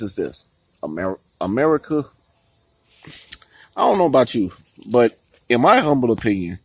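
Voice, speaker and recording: A man's voice: mid-range voice, dry recording, rough recording. A man giving heated, profane political commentary on his vlog, often stopping to laugh and restarting his words.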